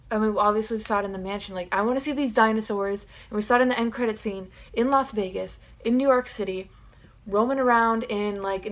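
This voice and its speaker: A young woman vlogger giving her film opinions in a casual, excited, rambling way. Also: mid-range voice.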